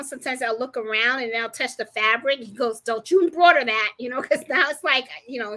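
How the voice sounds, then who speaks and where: A woman's voice: a little high, pushed and bright. A woman hosting a live crafting stream, chatting casually, laughing often and greeting viewers by name. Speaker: livestream host.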